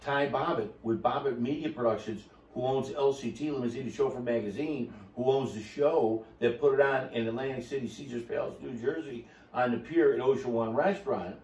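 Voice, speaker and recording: A man's voice: mid-range voice, a little fast, hardly any pauses, a little mellow, echoey room, distant mic, a little hiss or hum. A man telling his story on a podcast, boisterous and rambling, with a salesman's flourish. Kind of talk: casual chat.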